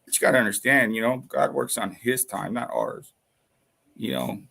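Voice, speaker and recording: A man's voice: medium pitch, normal speed, gravelly, sharp tone, breathy edge. A man casually telling a long personal story in a rambling, profane way, full of fillers and restarts.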